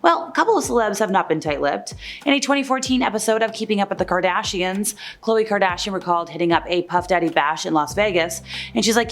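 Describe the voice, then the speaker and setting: A woman's voice: on the low side, animated, brisk, faint music behind. Chatty woman dishing celebrity gossip. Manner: chatty, conversational, paraphrases others with "like". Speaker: entertainment news host. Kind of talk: casual celebrity gossip commentary.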